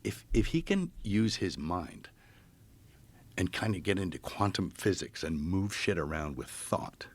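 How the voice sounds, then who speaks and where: A man chatting casually, telling animated stories and acting out the people in them. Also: low-pitched, measured pace. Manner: animated storyteller who acts out voices. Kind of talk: casual chat.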